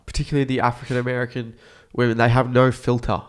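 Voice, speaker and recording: A man's voice: medium pitch, completely flat delivery, fast talker. Laid-back young Australian man chatting. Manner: laid-back, slangy, trails off mid-sentence. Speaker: podcast co-host. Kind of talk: casual chat.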